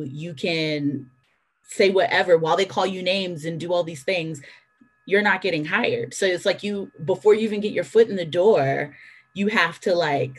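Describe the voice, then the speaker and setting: Panel speaker: woman, low voice, candid storyteller, brisk asides. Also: breathy edge. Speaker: phone sex worker on a panel. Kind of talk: panel discussion.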